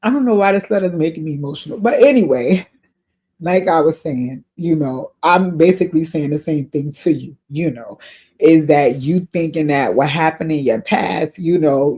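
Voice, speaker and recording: A woman's voice: deep voice, mellow, breathy edge. Earnest woman giving heartfelt advice. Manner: earnest and encouraging, repeats key lines for emphasis; spiritual advice. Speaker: advice show host. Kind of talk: answering a viewer's letter in casual spoken advice. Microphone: off camera, voice only.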